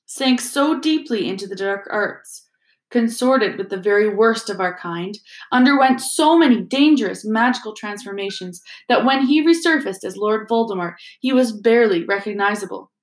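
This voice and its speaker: A woman doing gentle old wizard Dumbledore. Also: mid-range voice, moderate pace, close to an everyday voice. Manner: gentle, calm, softly twinkling. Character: kindly, gentle old male wizard headmaster. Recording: roomy echo.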